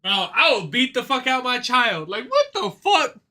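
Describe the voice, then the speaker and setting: A male streamer ranting casually on a livestream, profane and excitable, rambling from one thought to the next. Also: extremely high pitch, normal speed.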